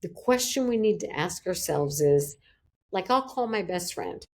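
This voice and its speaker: A woman's voice: animated, measured pace, darkish tone. A woman guest on a podcast, talking emphatically and acting out conversations with big swings in her voice. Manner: emphatic, acts out quotes with big pitch swings. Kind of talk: casual interview chat.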